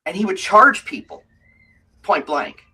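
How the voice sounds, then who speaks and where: A man running a tabletop game as game master, a lively storyteller who tells the story, explains the rules and tells anecdotes. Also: a little hiss or hum. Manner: lively storyteller, quick shifts into high put-on voices. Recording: voice from a distance.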